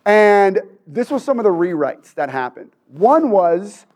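High-voiced man telling a personal story. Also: a little slow, few pauses. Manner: animated, conversational, often asks "right?".

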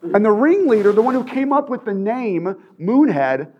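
A man telling a personal story in an animated, conversational way, often checking in with "right?". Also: sits high, moderate pace, muffled recording.

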